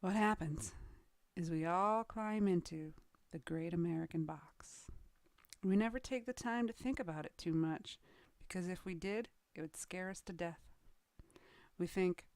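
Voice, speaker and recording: A woman's voice: fairly low pitch, unhurried, a little mellow, no room sound. Woman doing a motivational pep talk, dramatic, slips into whispers, dry close sound. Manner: dramatic, acts out quoted voices; drops into whispers for emphasis. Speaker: online business coach.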